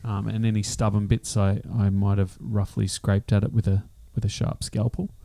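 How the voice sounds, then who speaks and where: A man co-hosting a podcast, explaining things in a measured, practical way. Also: fairly low pitch, little pitch movement, vocal fry, dark tone, dry recording. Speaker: podcast co-host. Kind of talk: casual podcast chat.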